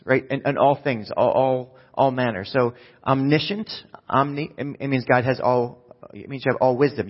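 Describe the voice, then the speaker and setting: Male pastor, chatty laid-back preaching, mid-pitched, echoey muffled hall. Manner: casual, conversational, self-deprecating. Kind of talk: sermon. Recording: dull echoey hall sound.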